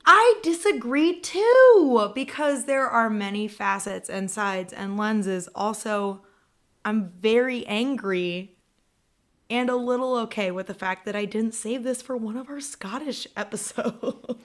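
American woman podcast cohost, joking around, laughs a lot, average pitch. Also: unhurried. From United States. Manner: animated, jokey, laughing. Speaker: podcast co-host. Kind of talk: casual chat.

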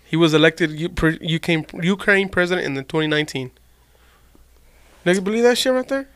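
A man's voice: a little high, a little fast, a bit bright, no echo. A man in casual chat with friends, swearing freely and laughing as he talks. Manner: profane, laughing banter.

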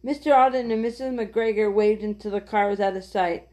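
A woman reading a children's book aloud gently, with small slips. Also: medium pitch, brisk. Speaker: storyteller.

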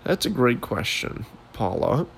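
A man's voice: mid-range voice, very animated, a little slow, creaky, a little hiss or hum. A young man co-hosting a podcast from a studio apartment, chatting casually and teasing his co-host. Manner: joking, teasing. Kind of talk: casual chat.

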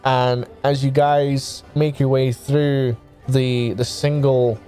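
A man's voice: mid-range voice, level tone, takes it slowly, warm tone, faint music behind. A man narrating as game master, describing scenes in a rambling way with many fillers.

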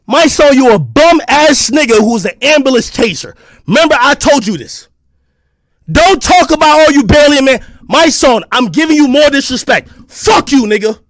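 A man with a podcast delivering an aggressive, profane callout, taunting and often shouting. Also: very high voice, animated, moderate pace, no echo, studio quality. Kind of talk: heated callout rant to camera.

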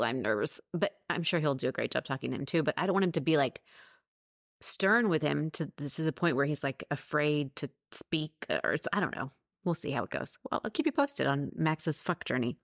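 A woman's voice: low voice, animated, brisk, no echo, studio quality. A woman in her thirties co-hosting a podcast, telling stories in a chatty way and laughing often. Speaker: podcast co-host. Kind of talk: casual chat.

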